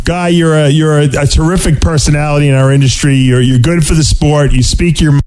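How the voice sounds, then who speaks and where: A man's voice: fairly high pitch, fairly even intonation, brisk, darkish tone. A man hosting a radio interview, affirming his guest and asking short questions. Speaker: radio show host.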